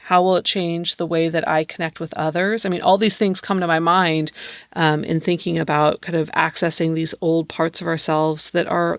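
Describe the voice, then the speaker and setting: A woman's voice: lowish voice, gravelly, dry recording, studio quality. A woman hosting a podcast who responds to her guest in an affirming, thoughtful way. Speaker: podcast host. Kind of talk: podcast interview.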